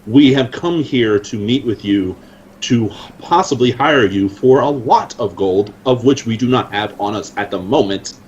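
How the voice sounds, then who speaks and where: A man's voice: medium pitch, expressive, a little slow, darkish tone, muffled recording, slight background noise. Earnest man playing a tabletop game. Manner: earnest, formal in character. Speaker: player. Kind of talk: in-character tabletop play.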